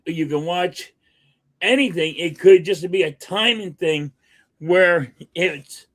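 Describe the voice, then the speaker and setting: A man's voice: high voice, vocal fry. A man talking sports casually as a podcast co-host, often agreeing and building on his partner's points.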